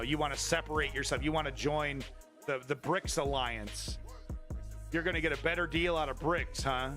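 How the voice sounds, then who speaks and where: A man's voice: a little high, a bit bright. A man hosting a casual news commentary stream, opinionated, profane and rambling.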